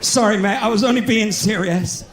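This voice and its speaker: A man's voice: sits high, normal speed, background noise. A man with a West Country English accent doing live stand-up comedy in a large theatre, chatty and self-mocking as he banters with the crowd. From England.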